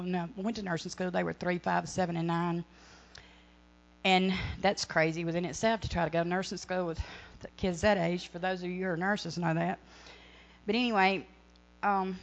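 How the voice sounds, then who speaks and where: A woman's voice: on the low side, creaky. A middle-aged woman sharing a church testimony, earnest and rambling, often correcting herself. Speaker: ministry speaker.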